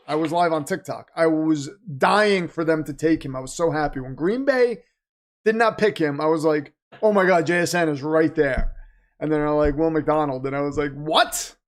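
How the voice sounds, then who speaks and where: A man hosting a live game watch-party stream, chatting casually, joking and reading out donations. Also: a little high. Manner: chatty, joking, reads donations aloud, mocks the team's managers. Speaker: livestream host.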